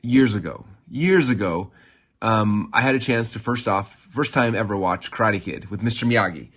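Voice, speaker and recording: A man in his thirties hosting a podcast, telling a story in a casual, excited, rambling way with lots of fillers and restarts. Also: fairly low pitch, moderate pace. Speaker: podcast host.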